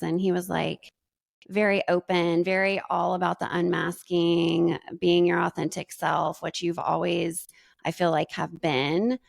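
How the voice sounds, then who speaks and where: A woman's voice: fairly low pitch, little pitch movement, unhurried, gravelly, no room sound, studio quality. A woman co-hosting a podcast in casual chat, effusive and full of praise. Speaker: podcast co-host.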